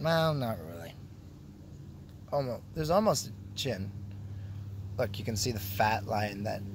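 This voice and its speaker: A man with a bright, forward voice, rambling to his phone camera in an outdoor park. He jokes, teases his viewers and swears freely, with faint traffic humming somewhere behind him. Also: mid-range voice. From Canada. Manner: joking, teasing, swears freely. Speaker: vlogger. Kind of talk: casual rambling monologue to camera.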